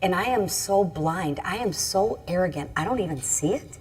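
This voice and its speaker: Woman, middle-aged politician, lowish voice, earnest halting storyteller at a panel event. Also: animated, darkish tone, slightly rough. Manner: earnest, halting, many restarts. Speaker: congresswoman on a panel. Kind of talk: personal story at a panel discussion. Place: event stage.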